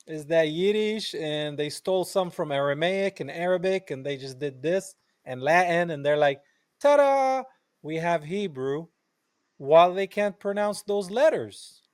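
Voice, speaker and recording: Man, from Palestine, podcast host, fairly high voice, emphatic, impassioned, rhetorical asides. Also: moderate pace, hardly any pauses, no echo, clean studio sound. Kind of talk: casual interview chat.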